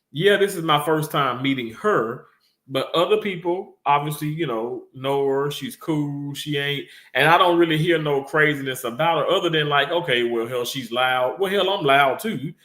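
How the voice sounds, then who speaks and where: A man's voice: on the high side, pushed and bright, roomy sound. A young man telling a rambling workplace story to his viewers, laughing often and acting out the voices of the people he quotes. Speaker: storyteller recounting a workplace incident.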